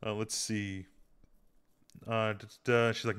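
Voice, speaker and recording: Man, podcast host, loose recap talk, filler hums, bright clear tone. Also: fairly low pitch, fairly even intonation, a little slow. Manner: rambling, retells scenes with filler hums. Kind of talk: casual episode recap chat.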